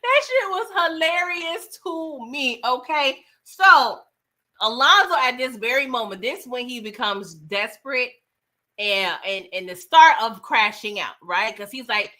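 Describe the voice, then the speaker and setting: A woman's voice: high-pitched, expressive, unhurried, pushed and bright. A woman recapping a film in a casual, slangy way, often tagging lines with "okay?" and "right?". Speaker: movie reviewer.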